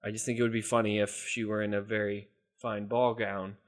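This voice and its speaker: A man's voice: fairly low pitch, level tone, fairly quick. A young man co-hosting a podcast in casual chat, playful and joking. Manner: joking, playful, jumps between voices. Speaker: podcast co-host.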